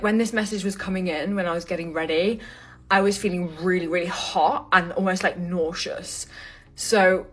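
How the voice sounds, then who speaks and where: A woman giving an intuitive tarot reading to camera, talking casually, full of fillers and pausing to search for words. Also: on the low side, fairly bright tone, husky. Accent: not American. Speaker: tarot reader.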